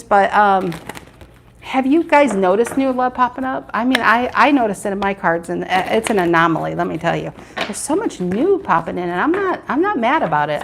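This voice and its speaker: A woman's voice: fairly high pitch, a little hiss or hum. A woman doing a live tarot reading, chatting with viewers and repeating her questions as she turns the cards. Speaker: tarot reader.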